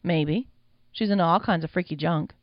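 A woman's voice: fairly low pitch, moderate pace, no room sound, muffled recording, close to an everyday voice. A woman voicing a big, lumbering young man with a sly, drawling manner.

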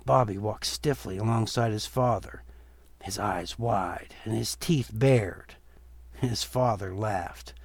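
A man reading a Halloween horror story aloud in a steady, measured storytelling voice. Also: lowish voice, no echo. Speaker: narrator. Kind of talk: storytelling narration.

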